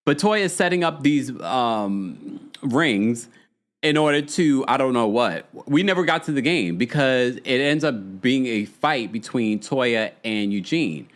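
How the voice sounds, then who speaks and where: A man with a medium-pitched voice and a measured pace hosts a podcast recapping a reality show. His commentary is animated and chatty, full of laughs and dramatic asides.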